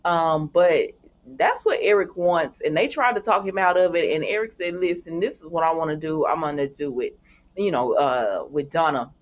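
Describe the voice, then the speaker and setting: With a low voice and moderate pace, a woman vlogger runs through soap opera episodes in a chatty, lively way. She laughs along and performs the characters' lines.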